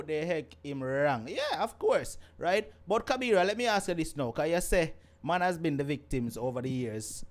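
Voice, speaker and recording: A man with a Jamaican accent hosting a live call-in stream, teasing his caller and reading out viewer comments. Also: fairly high pitch. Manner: teasing, laughs often, reads viewer comments aloud. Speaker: host of a live call-in show. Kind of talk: casual live-stream chat.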